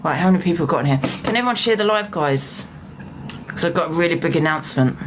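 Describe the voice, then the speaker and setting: A woman hosting a casual live stream, excitable and chatty, talking straight to her viewers. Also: on the low side, quick pace, noisy background.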